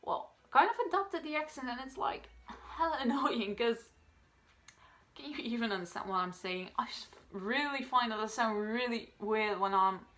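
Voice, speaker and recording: A woman's voice: a little high, expressive, moderate pace, fairly bright tone. An eighteen-year-old woman whose first language is Dutch, talking to camera in her first vlog in a chatty, rambling way, with lots of fillers and restarts. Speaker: vlogger. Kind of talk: casual talk to camera.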